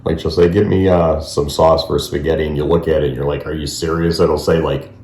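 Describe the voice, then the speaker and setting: A man's voice: very deep voice, fairly even intonation, fairly quick, darkish tone, echoey room. A man co-hosting a casual chat, laid-back and laughing as he tells stories. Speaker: co-host.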